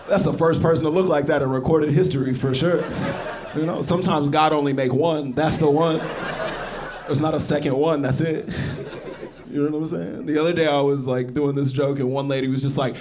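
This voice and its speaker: A man's voice: mid-range voice, fairly even intonation, fairly quick. A man from Texas doing stand-up, talking straight to the crowd in a mock-wounded, conversational way. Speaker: stand-up comedian. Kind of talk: stand-up set. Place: comedy club stage. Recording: noisy live club recording. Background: audience laughter.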